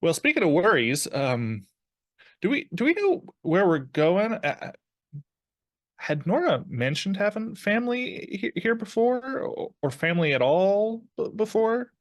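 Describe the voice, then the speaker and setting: A man's voice: sits high, very animated, measured pace, no echo, clean studio sound, voice pushed up. A man voicing a nervous, kindly male comrade in a tabletop role-play, stammering and fumbling politely. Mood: curious.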